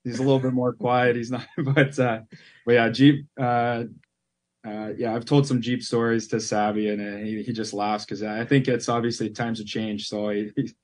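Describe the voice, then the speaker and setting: A man's voice: mid-range voice, little pitch movement, moderate pace, darkish tone. A man who is an assistant hockey coach, chatting casually as a radio guest, rambling with fillers.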